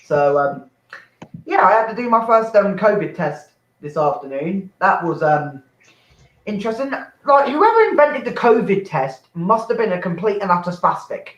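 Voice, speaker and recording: A young man hosting and doing a rambling, sweary stand-up set from his flat, breaking into sudden shouts. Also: sits high, moderate pace. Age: young adult. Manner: rambling, swearing, self-interrupting, shouting bursts. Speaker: host and stand-up comic. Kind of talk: stand-up set on an online open mic. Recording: echoey, dull lo-fi home mic.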